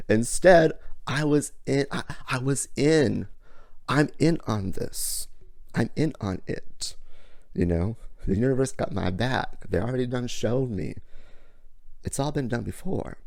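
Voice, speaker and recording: Low raspy-fry guy spinning a story, folksy, dead dry sound. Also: no room sound. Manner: animated, folksy, lively pitch jumps. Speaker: storyteller host. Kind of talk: casual personal storytelling.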